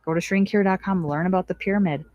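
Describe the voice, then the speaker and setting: A woman's voice: fairly low pitch, very fast, no echo, muffled recording. A woman hosting a spiritual talk radio show, speaking in an earnest, encouraging way and asking many rhetorical questions.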